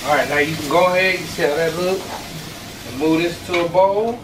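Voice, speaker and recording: Relaxed man demonstrating a recipe. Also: fairly high pitch, fairly quick. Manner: relaxed step-by-step instructions to viewers. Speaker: home cook. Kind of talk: cooking demonstration. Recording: echoey room from a distance, noise.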